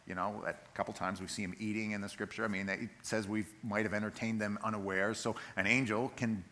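Male pastor, lower voice, relaxed conversational sermon style. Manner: conversational, plain-spoken preaching with quick scripture readings.

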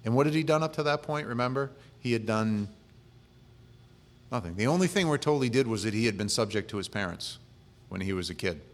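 A man's voice: medium pitch, lively intonation, fairly quick. A male pastor preaching a sermon in a conversational way, with humorous asides.

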